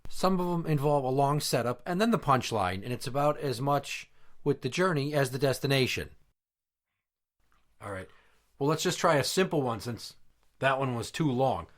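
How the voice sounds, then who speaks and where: A man's voice: medium pitch, expressive, moderate pace. A man hosting a comedy podcast, telling crude old jokes in character as an exasperated, foul-mouthed dad. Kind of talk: comedic joke-telling skit.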